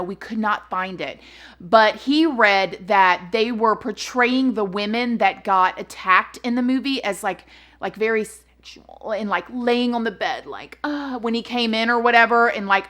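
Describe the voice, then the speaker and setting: A woman hosting a casual true-crime video, chatty and excitable, often turning to address her viewers. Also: fairly high pitch. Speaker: host.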